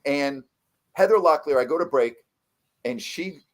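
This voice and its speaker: A middle-aged man, a veteran sports broadcaster, telling stories in a casual chat with lively jumps in his voice for emphasis. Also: on the high side, a little slow. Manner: animated storyteller, voice jumps up for emphasis.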